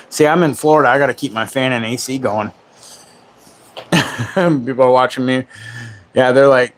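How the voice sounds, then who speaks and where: A man in his forties chatting casually on a livestream from his home. He jokes and mocks with a sarcastic edge, breaking into laughs often, at an average pitch. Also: a little slow, long pauses. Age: 40s. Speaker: livestream host. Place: home, in Florida.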